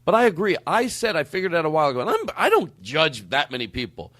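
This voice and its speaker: A man hosting a comedy podcast, riffing in casual chat with quick asides and swearing. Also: a little high, huge pitch swings, a bit bright, dry recording, studio quality. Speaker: podcast host.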